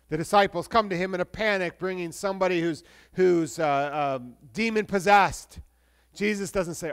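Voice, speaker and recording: Pastor, male, high-pitched, conversational sermon delivery with restarts and hushed stretches. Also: moderate pace, smooth. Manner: conversational preaching with restarts, shifting between lively and hushed.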